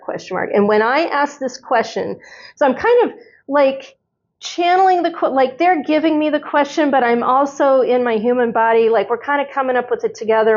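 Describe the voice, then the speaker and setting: A woman with a slightly high voice talks earnestly through notes she has channeled. She stumbles over her words and restarts, then leans hard into the points that matter to her. The recording sounds dull and lo-fi. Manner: earnest, halting with restarts, builds to excited emphasis. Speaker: spiritual channeler. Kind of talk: solo talk reading channeled notes. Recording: dull lo-fi audio.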